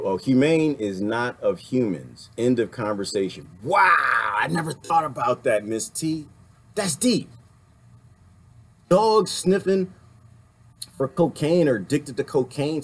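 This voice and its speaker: A man ranting casually to his viewers, animated and often laughing, with a husky voice. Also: mid-range voice. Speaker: vlogger. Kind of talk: casual rant to camera.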